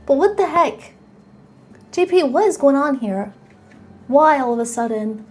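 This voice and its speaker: A young woman VTuber chatting on a live stream, excitable, squealing and giggling as she thanks her viewers. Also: sits high, measured pace.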